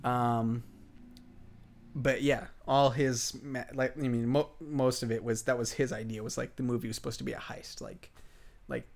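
Rambling man with a gravelly voice. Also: mid-range voice, steady tone, moderate pace. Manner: rambling, enthusiastic, many fillers and restarts. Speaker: podcast host. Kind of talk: casual podcast chat.

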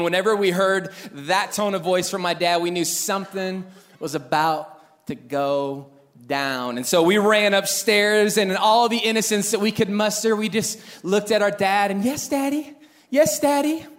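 Young male pastor, high voice, animated storyteller who acts out scenes. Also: normal speed. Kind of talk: sermon with storytelling.

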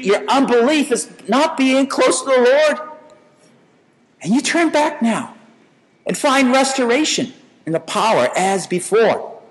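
A man's voice: very high-pitched, in a large hall, low-quality recording. A man preaching a sermon in a conversational way, telling stories and asking rhetorical questions.

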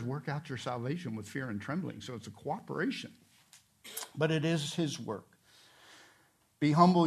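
A man preaching a sermon, repeating his points and asking rhetorical questions, swinging from quiet to loud and emphatic. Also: on the high side. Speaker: pastor.

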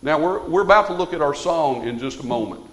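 Preacher guy, pretty high voice, earnest then fired up, church echo trailing off. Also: expressive, fast, fairly bright tone. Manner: earnest, building to fervent exhortation. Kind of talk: sermon.

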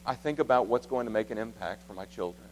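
A man in his thirties preaching a sermon in a church, swinging from loud, emphatic exhortation to soft, hushed storytelling. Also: fairly low pitch, quick pace, slight background noise. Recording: long reverb of a large hall.

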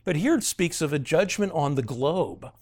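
A man's voice: on the high side, expressive, normal speed, darkish tone. A man teaching through a book of the Bible, reading passages aloud and explaining them in an earnest, conversational way, with frequent "uh" fillers and sudden emphasis on key words.

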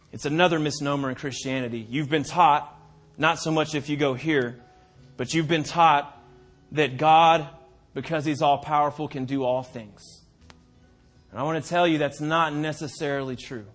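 Male pastor, fairly high voice, sermon delivery, dramatic loud-to-quiet swings, drawn-out emphasis. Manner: preaching with dramatic swings from booming to hushed; slows right down to stress key phrases.

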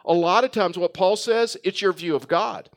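A man's voice: sits high, normal speed. A man preaching a sermon, telling a story with frequent fillers and restarts. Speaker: pastor.

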